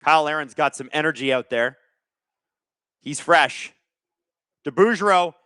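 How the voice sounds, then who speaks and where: A young man hosting a live watch-along, reacting to the game with sarcastic, excitable commentary. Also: on the high side, unhurried, clear, resonant tone, no room sound, studio quality. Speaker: live stream host.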